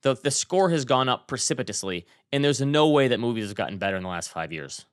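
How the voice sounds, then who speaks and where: A man co-hosting a podcast, telling stories in animated, chatty banter. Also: mid-range voice, fast talker, clear, resonant tone, dry recording, studio quality. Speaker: podcast co-host. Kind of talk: casual chat.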